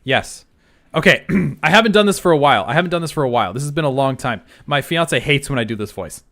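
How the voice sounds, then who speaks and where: A young male streamer chats casually with his viewers and pokes fun at himself. His pitch moves around a lot as he rambles through restarted sentences. Faint music plays underneath. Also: expressive, fast talker, a bit bright. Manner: self-deprecating, rambling restarts. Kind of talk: casual livestream chat.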